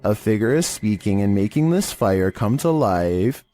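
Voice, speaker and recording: A man narrating creepy internet videos in a steady, monotone scripted delivery. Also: fairly low pitch, a little slow, soft background music.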